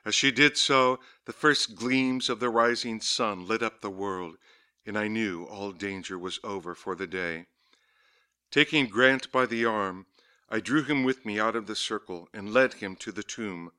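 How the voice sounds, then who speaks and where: A man narrating a gothic horror story in a measured, ominous reading style. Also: lowish voice, pushed and bright, clear, resonant tone. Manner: measured, ominous, lingering on words. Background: faint music.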